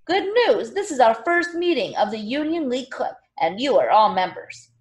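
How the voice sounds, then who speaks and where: A woman voicing a loud, eager Northern male political organizer who rallies a crowd with speeches. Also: extremely high pitch, big pitch swings, moderate pace, reverberant, voice pushed up. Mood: rallying. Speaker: party organizer.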